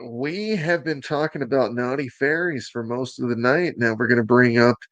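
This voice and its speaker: An upbeat man with a Southern accent hosts a casual show, joking and teasing as he presents. His voice sits at an everyday middle pitch and sounds dry and close. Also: moderate pace, a bit bright, no room sound, dull audio. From Alabama. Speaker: host.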